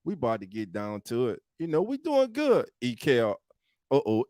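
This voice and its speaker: A man hosting a casual sports podcast live stream, greeting viewers with loud, hyped shout-outs, speaking. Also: mid-range voice, wildly swooping pitch, normal speed, dry recording, clean studio sound. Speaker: podcast host.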